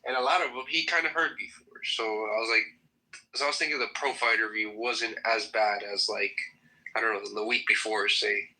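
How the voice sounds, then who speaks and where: A man chatting casually in a group room, halting and full of fillers as he recounts a conversation. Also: lowish voice, fairly even intonation, sharp tone, rough recording. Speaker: regular in the chat room.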